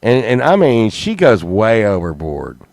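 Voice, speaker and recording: A man telling rambling comic stories in a halting way, full of fillers and restarts. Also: on the low side, huge pitch swings, creaky, darkish tone, dry recording. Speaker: comedy podcast host.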